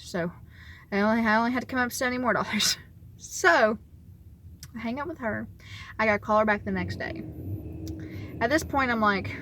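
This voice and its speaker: Young woman vlogging, bright kinda high voice, super animated storytelling. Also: moderate pace. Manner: animated, excitable storytelling with laughs. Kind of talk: casual storytime vlog.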